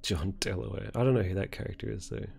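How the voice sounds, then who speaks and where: Gravelly-voiced male streamer, sarcastic. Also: fairly low pitch, quick pace, a little mellow, faint music behind. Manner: rambling, amused, sarcastic. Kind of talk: casual chat while streaming.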